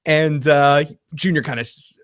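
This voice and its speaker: A man co-hosting a casual TV recap chat, animated, laughing often and acting out quotes. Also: fairly high pitch, measured pace, clean tone. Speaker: podcast co-host.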